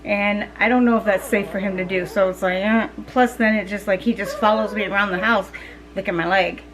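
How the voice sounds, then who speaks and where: A woman's voice: medium pitch, fairly even intonation, fairly quick, fairly bright tone, low-quality recording. A middle-aged woman vlogger talking casually to her viewers, rambling with fillers and restarts. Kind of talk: casual chat to camera.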